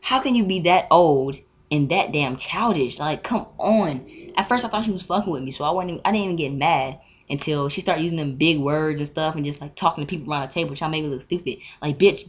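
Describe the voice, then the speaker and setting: Low-voiced teen girl ranting. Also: fairly quick. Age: teens. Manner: animated, profane, acts out both sides of an argument. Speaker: vlogger. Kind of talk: casual storytime rant.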